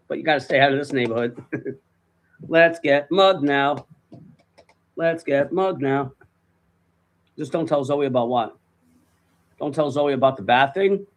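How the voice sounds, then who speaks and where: Man, somewhat high voice, quick profane storyteller in casual chat. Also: rough recording. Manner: fast, animated.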